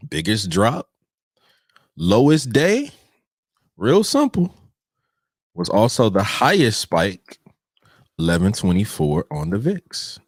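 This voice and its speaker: Energetic man hosting a live trading show. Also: fairly low pitch, slow, long pauses, dry recording, clean studio sound. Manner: energetic, preachy and playful, addressing viewers directly. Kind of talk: live pre-market trading talk.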